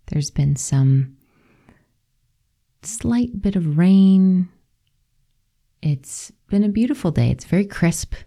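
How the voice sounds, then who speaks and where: A woman hosting a podcast, talking gently and slowly and guiding listeners to relax. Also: low voice. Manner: soft, slow and soothing. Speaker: podcast host.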